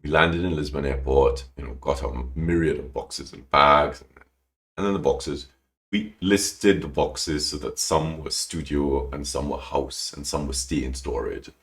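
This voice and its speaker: Speaking unhurriedly in a very deep, low voice, the same podcast guest, a calligrapher, recounts a personal story with strong emotion. When quoting others, his pitch leaps sharply upward, and he frequently stops mid-sentence to begin again.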